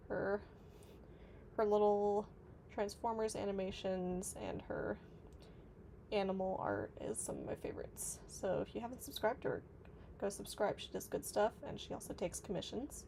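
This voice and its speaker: A woman with a warm, medium-pitched voice and some vocal fry chats at a measured pace on her livestream. She reads viewer comments aloud and uses many fillers, with slight noise in the background.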